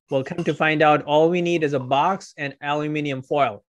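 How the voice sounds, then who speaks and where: A man's voice: a little high, fairly even intonation, normal speed, few pauses. A man co-hosting a podcast, friendly and jokey in casual chat. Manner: friendly, jokey, laughs easily. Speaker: podcast co-host.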